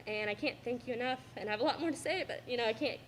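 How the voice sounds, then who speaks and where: Young woman, fairly high voice, tearful thank-you speech with nervous laughs, faint cafeteria hum. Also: very fast. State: fighting back tears. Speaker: student athlete giving a farewell speech. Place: school cafeteria.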